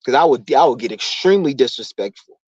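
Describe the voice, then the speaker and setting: A man's voice: mid-range voice, animated, fast talker, a little mellow, no room sound, highs cut off. A young man hosting his own channel, ranting in a heated, profane, rambling way. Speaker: channel host. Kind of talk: casual rant on a live stream.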